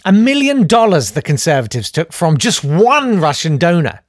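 A man hosting a satirical comedy monologue, sarcastic and mock-indignant, who sometimes breaks into shouted riffs. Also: a little high, sing-song, moderate pace, dry recording, studio quality. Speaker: comedian host.

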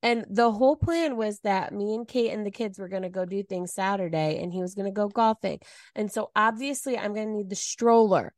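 A woman's voice: mid-range voice, fairly quick, no room sound, clean studio sound. A woman co-hosting a podcast, telling a story in casual chat and acting out the quotes with big swings in her voice. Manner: animated storytelling, acts out quotes. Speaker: podcast co-host.

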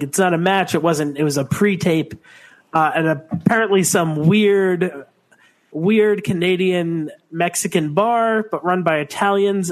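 A man in his thirties with a fairly high voice trades jokes through a casual wrestling chat. He is playful and keeps slipping into silly put-on accents. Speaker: podcast co-host.

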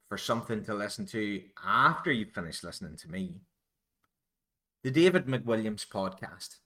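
Northern Irish man, solo podcast host, unhurried delivery, bright forceful tone, rambling and self-deprecating. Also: lowish voice. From Northern Ireland. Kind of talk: solo musing podcast monologue.

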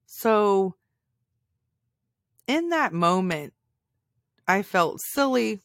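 A woman's voice: medium pitch, expressive, slow pace, long pauses, fairly bright tone, no room sound, clean studio sound. A woman hosting a podcast, telling a personal story in an emotional, heartfelt way. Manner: emotional, heartfelt, tearful at times. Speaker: podcast host.

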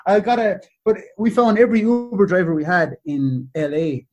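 A man's voice: sits high, normal speed, lo-fi sound. An Irish man joking and telling stories in a casual chat. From Ireland. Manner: animated and joking. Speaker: comedian guest.

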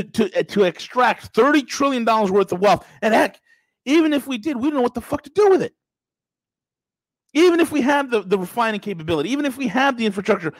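A man with a notably high voice for a male talk host, ranting through political commentary. He is sarcastic and emphatic, and the sound is close and dry with no room echo.

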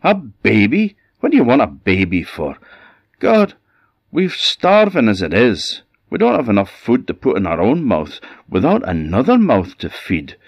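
A man's voice: fairly low pitch, huge pitch swings, unhurried, gravelly, no echo, dull audio, voice pushed up, full character voice. A man playing a blustering old Scottish father. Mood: scolding. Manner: blustering, scolding. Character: gruff poor old father, short-tempered.

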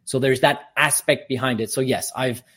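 A man's voice: medium pitch, steady tone, normal speed, a bit bright, breathy edge. Confident upbeat Canadian male guest. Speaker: guest speaker. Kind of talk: casual podcast interview.

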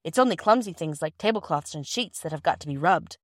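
A woman doing a gentle, earnest older girl. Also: lowish voice, animated, brisk, dry recording, clean studio sound. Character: earnest, careful eldest girl.

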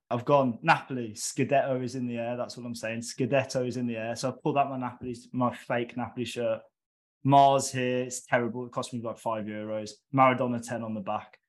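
A man on a podcast telling a comic football story, lively, with loud high-pitched bursts when quoting others. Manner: animated, shouts quoted lines in a high voice. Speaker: guest storyteller.

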